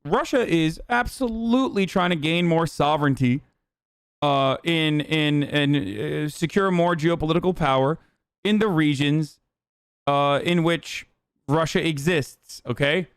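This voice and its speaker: A man in his thirties streams casual political commentary from a desk microphone, reacting to the news with heated, sarcastic, profane rants. His voice is on the high side, unhurried, clear and resonant. The recording is studio quality with no echo.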